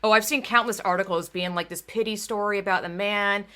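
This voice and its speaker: Bright-voiced woman ranting with profanity. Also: medium pitch, fairly even intonation, a little fast. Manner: blunt, profane, swings into outraged rants. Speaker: host. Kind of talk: casual podcast chat.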